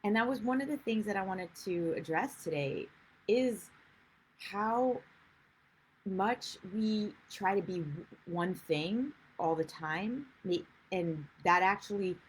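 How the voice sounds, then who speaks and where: Husky-voiced woman coaching on a livestream. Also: mid-range voice, low-quality recording. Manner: chatty, rambling, greets viewers. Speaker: life coach. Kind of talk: live-streamed coaching talk.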